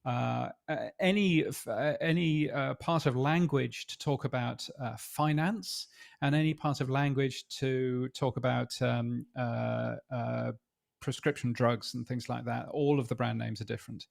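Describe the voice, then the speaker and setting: A middle-aged man from Britain, chatting as a guest in an interview and pausing on many fillers. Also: medium pitch, steady tone, vocal fry, no room sound, studio quality. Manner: hesitant, many fillers and restarts. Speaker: podcast industry guest. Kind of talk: casual interview chat.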